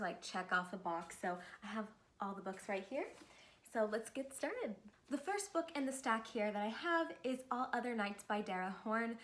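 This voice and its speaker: A woman's voice: medium pitch, a bit bright. A young woman vlogging about books in a chatty, upbeat way, with fillers. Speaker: book vlogger. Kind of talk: casual chat to camera.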